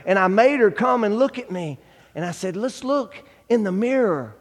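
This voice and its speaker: A man giving a testimony sermon, acting out the dialogue in his story and swinging from hushed to shouting. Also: sits high, expressive, normal speed, in a large hall. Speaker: guest preacher giving testimony.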